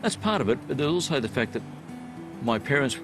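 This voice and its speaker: A man in his seventies with an Australian accent, a former radio broadcaster giving measured, heartfelt interview answers that turn emotional. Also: medium pitch, sing-song. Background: music.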